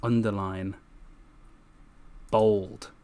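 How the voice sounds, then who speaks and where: A man's voice: on the low side, level tone, drawn-out words, a little mellow. A man reading his own book aloud casually, tripping over words and correcting himself with jokey asides.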